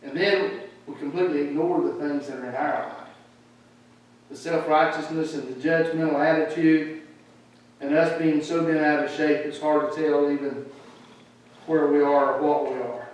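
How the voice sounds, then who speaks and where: A man preaching a sermon in a church, animated and acting out the people he quotes. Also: on the high side, normal speed. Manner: animated, acts out quoted speech. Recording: echoey hall from far off.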